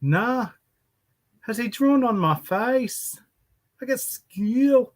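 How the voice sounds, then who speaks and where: A man imitating an upset little girl with a put-on Irish accent, wailing in a high, drawn-out voice. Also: animated, full character voice. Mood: distressed. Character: little girl upset about drawing on her face.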